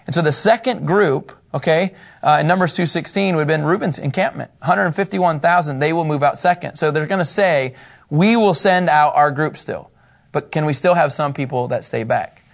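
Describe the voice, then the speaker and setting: A man's voice: a little high, normal speed, vocal fry. A man leading a casual Bible study, reading scripture aloud and asking the group questions in a conversational way.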